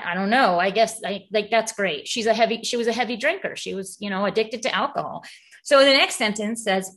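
A woman's voice: a little high, a bit bright. A woman speaking casually at a recovery group, explaining a passage and telling stories with lots of asides and laughter. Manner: chatty storytelling, laughs often, many asides.

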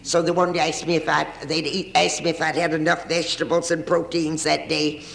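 A woman's voice: deep voice, flat delivery, fairly quick, gravelly. An older woman with a drawl shares her personal story at a recovery meeting. Her humor is dry and self-mocking, and her voice rings around an echoey room.

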